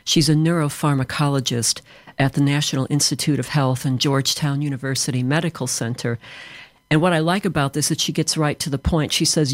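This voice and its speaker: A man's voice: medium pitch, dry recording. A man from Chicago with an American accent, answering interview questions in a fluent, explanatory way as an author and trainer. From Chicago, USA.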